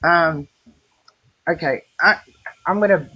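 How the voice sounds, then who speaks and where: A woman's voice: on the low side, slow pace, bright, forceful tone, slightly rough, poor audio. A woman chatting on a group call, rambling and emotional, with many fillers and restarts. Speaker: class participant. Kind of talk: casual chat on a group call.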